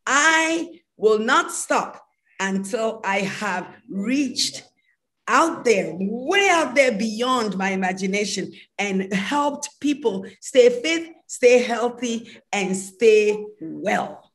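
A woman's voice: fairly high pitch, expressive, drawn-out words. A woman in her sixties with a Ghanaian accent, talking in a laid-back, heartfelt way as an interview guest. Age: 60s. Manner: warm, laid-back and heartfelt, laughs easily. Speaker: fitness entrepreneur guest. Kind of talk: relaxed interview conversation.

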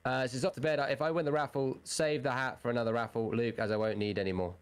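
A man's voice: medium pitch, steady tone, quick pace, smooth. A man co-hosting a live gaming stream, running a raffle and reading off numbers in a rambling, swear-laced way. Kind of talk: casual live-stream chat.

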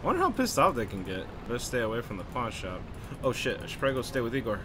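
A man's voice: mid-range voice, huge pitch swings, rapid-fire, fairly bright tone, a little hiss or hum. A man commentating a video game, cursing and muttering to himself. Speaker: gamer. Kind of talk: let's play commentary.

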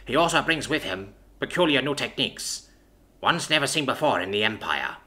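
A man voicing an imperious female dragon ruler who speaks in a measured, silky, threatening way. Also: mid-range voice, animated, sharp tone. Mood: cool menace. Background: faint background music.

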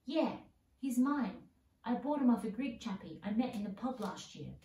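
A woman reading the part of a gruff, big-hearted giant man who is secretive and quick to anger, recorded in a roomy space from a distance. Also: fairly high pitch, lively intonation, mellow, pitched above the performer's own voice, close to an everyday voice. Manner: gruff, hot-tempered outbursts. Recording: roomy sound, mic at a distance.

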